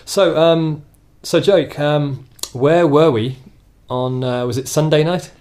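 A man's voice: on the high side, steady tone, slow pace, a little mellow. A man hosting a podcast, chatting casually about local gigs in a rambling, self-deprecating way. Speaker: podcast host.

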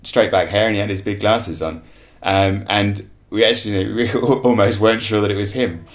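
A man with a low voice chats on a podcast as co-host. He is easygoing and agreeable, and he leans on fillers as he talks. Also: steady tone, normal speed. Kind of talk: casual podcast chat.

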